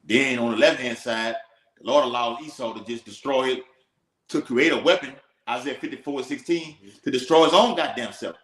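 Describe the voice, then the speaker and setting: A man's voice: medium pitch, moderate pace, a bit bright. A man teaching scripture in an emphatic, preacherly way, checking in with "all right?". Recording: echoey room.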